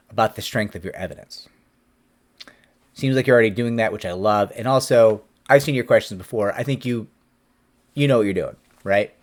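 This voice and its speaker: A man in his forties, an employment attorney, answering a viewer's question in a casual, animated talk to camera. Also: mid-range voice. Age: 40s. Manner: animated, conversational, acts out quotes.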